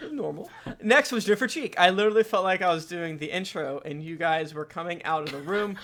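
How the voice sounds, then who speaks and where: A man with a high, bright voice hosts a casual comedy podcast and reads listener reviews aloud. His delivery is playful and jokey, and he jumps to loud emphasis without warning. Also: brisk.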